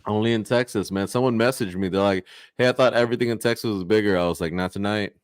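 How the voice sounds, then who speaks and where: A man's voice: fairly low pitch, fast, clear, resonant tone, no room sound, clean studio sound. A man co-hosting a comedy podcast, casually chatting and telling a crude bar joke with swearing and acted-out voices. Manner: storytelling, swearing, acts out voices in jokes. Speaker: podcast co-host.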